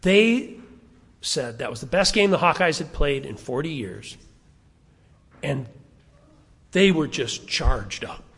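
A man's voice: a little high, animated, slow pace, long pauses, a bit bright, breathy edge. A middle-aged man preaching a sermon to a congregation, asking them questions and having them turn to verses. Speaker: pastor. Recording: long hall reverb.

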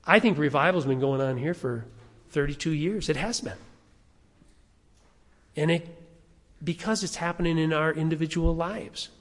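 This older pastor's voice is somewhat high and a bit bright, moving at a normal pace with frequent pauses. He preaches conversationally in a church sanctuary, questioning the congregation, and the hall's long reverb carries through the recording.

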